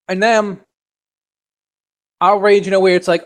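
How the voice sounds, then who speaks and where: A man's voice: high-pitched, level tone, measured pace, long pauses. A man on a casual podcast describing how he rages at games, chuckling as he acts out his own outbursts. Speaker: podcast co-host.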